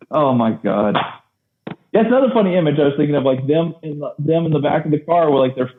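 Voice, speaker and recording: A man co-hosting a casual film discussion podcast, animated and laughing often. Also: a little high, echoey room, slight background noise. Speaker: podcast co-host. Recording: tinny phone-like line.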